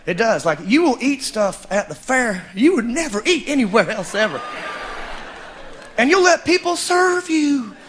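A man's voice: extremely high pitch, very animated, a little slow, a bit bright, a little hiss or hum. A man doing stand-up comedy, telling a story with laughter in his voice.

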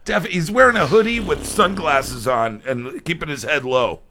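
Bright-voiced man hosting morning radio. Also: on the high side, normal speed, slight background noise. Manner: upbeat, reads weather and promos, laughs with cohosts.

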